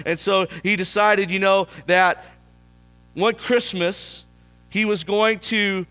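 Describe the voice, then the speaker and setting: High-voiced, bright male pastor preaching. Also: steady tone, takes it slowly, smooth. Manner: storytelling, asking the congregation questions. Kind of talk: sermon. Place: church.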